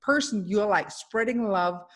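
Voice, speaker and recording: A woman's voice: medium pitch, a little slow. A woman psychologist hosting a casual webinar conversation over a video call, talking in an effusive way with many fillers and restarts. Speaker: host, psychologist.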